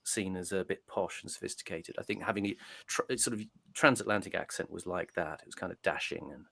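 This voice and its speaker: Man, flat RP accent, low voice, gravelly, wry. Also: brisk, dry recording. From England. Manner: dry, wry remarks. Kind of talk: casual chat. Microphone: remote video call.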